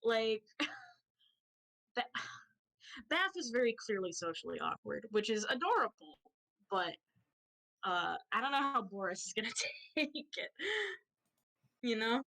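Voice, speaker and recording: A woman narrating her part in a tabletop role-playing game in a casual way, giggly and swearing often. Her voice is bright and very lively in pitch. She speaks at an unhurried pace. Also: gravelly.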